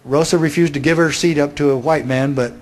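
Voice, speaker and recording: Man voicing a kindly sheriff, calm, polite, steady, reassuring, slightly high voice. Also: a little fast, lightly acted. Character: calm, kindly male small-town sheriff.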